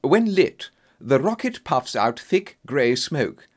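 Expressive male storybook narrator. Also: medium pitch, takes it slowly. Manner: clear, expressive reading.

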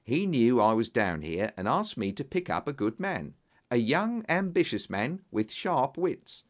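An eager, flattering businessman bursting with exclamations, as a male narrator puts him on, his pitch leaping high and low with lively swings. The storybook voice is animated and persuasive, every offer sounding grand. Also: a little slow. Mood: effusive. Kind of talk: audiobook character voice.

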